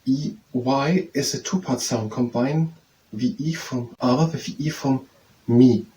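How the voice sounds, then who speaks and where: A man working through a French phrase book aloud, halting and thinking out loud as he slowly repeats each phrase several times. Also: medium pitch. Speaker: language learner teaching himself. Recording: distant mic with faint room noise.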